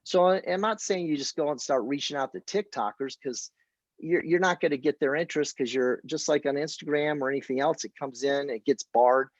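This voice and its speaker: A man's voice: on the high side, a little fast, no echo, lo-fi sound. A man coaching people on how to present a business opportunity, telling stories and acting out conversations in a casual way. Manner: storytelling, quoting conversations. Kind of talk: casual training talk.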